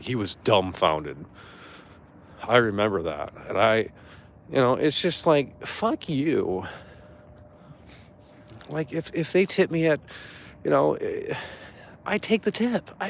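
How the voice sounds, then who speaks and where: A man rants angrily and curses without holding back, his voice sitting at an ordinary middle pitch. He talks in a loose, casual way and drops into mocking impressions of the person he is complaining about. A faint hum of ambience sits behind him. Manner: angry, profane ranting. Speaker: streamer. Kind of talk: casual ranting monologue.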